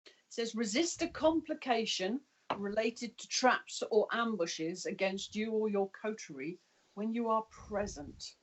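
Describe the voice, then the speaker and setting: A woman's voice: mid-range voice, animated, unhurried. A woman player in a tabletop game, reading rules aloud carefully in casual chat. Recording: dull lo-fi call audio.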